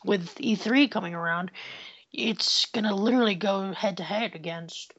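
A woman co-hosts a casual gaming chat with a gravelly, fry-heavy voice. She talks loosely and jokes, and her sentences trail off softly. The recording sounds dull and lo-fi. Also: mid-range voice, normal speed. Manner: chatty, joking, trails off softly. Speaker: podcast co-host.

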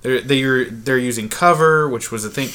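A man's voice: medium pitch, normal speed, sharp tone, clean tone. A man co-hosting a casual gaming podcast, chatty and easygoing as he describes games he saw. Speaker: podcast co-host.

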